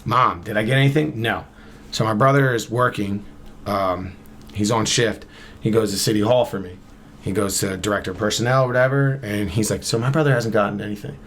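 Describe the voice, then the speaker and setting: A man's voice: on the low side, a little fast, a little hiss or hum. A man in his thirties from Camden, New Jersey, a podcast guest casually telling a long story and acting out both sides of the conversation. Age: 30s.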